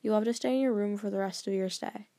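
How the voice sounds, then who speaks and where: A woman voicing a stern, formal old grandfather who speaks in a measured, grave, lecturing way, a bit lower and quieter than her narration. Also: no echo, clean studio sound, lightly acted.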